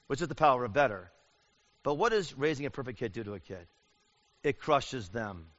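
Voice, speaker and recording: A middle-aged man preaching a sermon in an animated way, acting out the voices he quotes. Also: medium pitch, brisk. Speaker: pastor. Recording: dull lo-fi sound.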